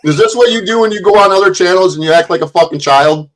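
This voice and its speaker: A man's voice: high voice, quick pace, background noise. A man hosting a livestream, taunting guests and trading profane insults in a combative argument. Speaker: livestream host.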